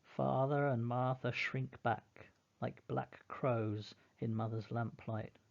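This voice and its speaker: Male audiobook narrator, slow and mournful, with vocal fry. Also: medium pitch, steady tone, lo-fi sound. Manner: slow, measured, mournful reading. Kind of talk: first-person storybook reading.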